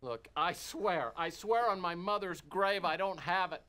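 A man's voice: sits high, a little slow, sharp tone. An actor playing a down-on-his-luck male private eye in a video game, trading wisecracks and pleading. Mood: panicked. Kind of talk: full-motion video game acting.

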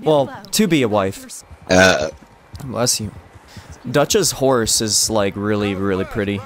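A man's voice: on the low side, slow pace. A young man streaming a cowboy game with a friend, giggling, joking and reading prompts aloud in casual commentary. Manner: playful, giggly, lively, reads prompts aloud. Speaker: gameplay streamer. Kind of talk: casual let's-play commentary.

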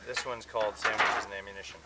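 A man's voice: fairly low pitch, steady tone, quick pace, very noisy. A man in a band chiming in with jokes and announcements during stage banter at an outdoor festival campsite. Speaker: band member. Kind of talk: stage banter between songs at a live gig. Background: live band music.

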